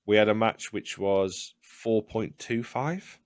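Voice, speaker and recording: Male co-host, low deep voice, dead-dry close mic, sweary casual chat. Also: slow, dry recording. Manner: blunt, swears freely, stumbles and restarts. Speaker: podcast co-host. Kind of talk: casual watch-along chat.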